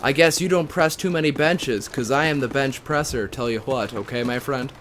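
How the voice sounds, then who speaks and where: A man's voice: mid-range voice, normal speed, a bit bright, a little hiss or hum. A man trolling in in-game voice chat, goofy, mock-polite and condescending. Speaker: online gamer trolling in voice chat.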